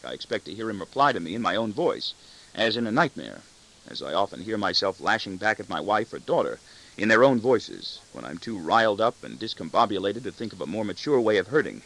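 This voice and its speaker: A man's voice: fairly low pitch, big pitch swings, a little fast, gravelly, fairly bright tone, rough recording. A man narrating an audiobook in the first person, with a wry, introspective delivery.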